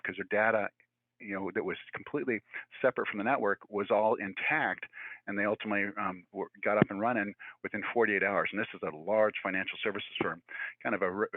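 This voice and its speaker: A man, likely in his sixties, giving a virtual presentation in a fast, conversational way with many fillers and restarts. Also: on the low side, no echo. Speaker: guest speaker. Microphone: video call. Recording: tinny phone-like audio, dry.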